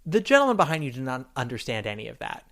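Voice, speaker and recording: A man's voice: medium pitch, wildly swooping pitch, fast talker, creaky, a bit bright. A man hosting a podcast, chatting casually and animatedly, acting out quotes as he retells scenes. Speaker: podcast host. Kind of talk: casual chat.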